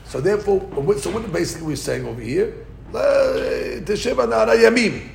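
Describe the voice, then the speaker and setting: Gravelly man teaching a Talmud class. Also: high-pitched, normal speed, slight background noise. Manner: animated, thinks aloud with many restarts; mixes Hebrew and Aramaic terms into English.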